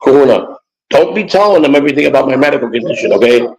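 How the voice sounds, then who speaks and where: A man's voice: medium pitch, expressive, very fast, a crowd in the background, low-quality recording. An older man and grandfather co-hosting a casual morning chat show, rambling and joking with many restarts. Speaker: co-host.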